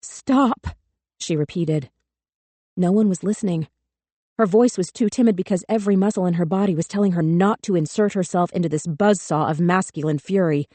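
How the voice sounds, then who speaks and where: Grave, low-voiced woman narrator. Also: a little fast, dark tone, no echo. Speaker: audiobook narrator. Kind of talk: scripted narration.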